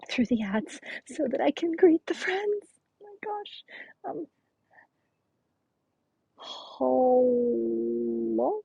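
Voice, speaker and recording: A young woman game streamer chatting casually and excitedly, gushing greetings to her viewers with a breathy voice. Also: high voice, extremely slow, pauses often, no room sound, dull audio. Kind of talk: casual live-stream chat.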